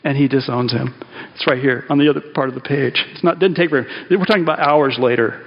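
A man preaches in a loose, chatty way, stopping and restarting his sentences as he goes. His voice is gravelly and sits a little high. The sound is dull and lo-fi, with a long echo from a large church hall. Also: a little fast. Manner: conversational, animated, with frequent fillers and restarts. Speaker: pastor. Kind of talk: sermon. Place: church sanctuary.

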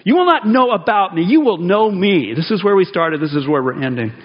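A man's voice: sits high, animated, a little fast. Conversational preacher man in a reverberant hall. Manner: conversational, self-interrupting, rises emphatically on key points. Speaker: pastor. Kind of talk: sermon. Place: church sanctuary. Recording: dull audio with long hall reverb.

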